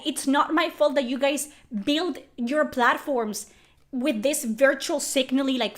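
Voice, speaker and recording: A young woman vlogging from home, her voice high and cutting. She rants at her critics in a furious, profane stream, yelling at the camera. The tone stays bright and forceful throughout. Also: takes it slowly. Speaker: YouTuber. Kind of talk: angry rant to camera.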